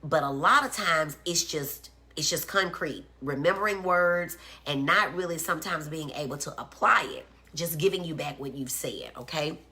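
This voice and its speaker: A woman's voice: deep voice, normal speed, few pauses, sharp tone. A woman giving a casual livestream lecture as a doctor, explaining things and checking in with her viewers. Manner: chatty, explains and checks in with "okay?", greets viewers by name. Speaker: doctor teaching about autism on a livestream.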